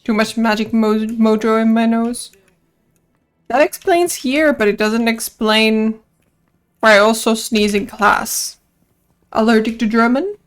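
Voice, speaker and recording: Sneezy woman streamer, slow playful chatter, goofy little sing-song bits. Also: a little high, fairly even intonation. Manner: playful, sings silly rhymes to herself. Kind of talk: casual gameplay commentary.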